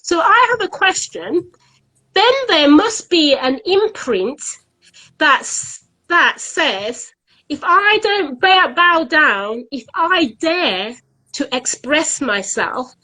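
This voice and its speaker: A high-pitched woman speaks earnestly in a casual live-stream conversation. She often repeats words as she searches for the next thought. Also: big pitch swings, takes it slowly, pushed and bright, low-quality recording. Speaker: event organiser, guest. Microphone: online live stream.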